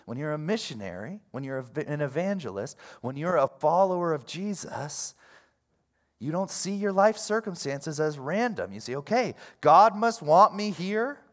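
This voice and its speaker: A man preaching a sermon in a casual, animated way, going from quiet asides to loud bursts. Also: a little high, moderate pace. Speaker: pastor.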